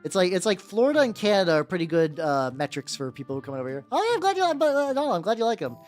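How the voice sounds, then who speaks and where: A man with a higher-register voice streaming as he paints miniatures, chatting casually with viewers and rambling with lots of "like" and restarts. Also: very animated, fast talker, a little mellow, soft background music. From United States. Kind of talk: casual livestream chat.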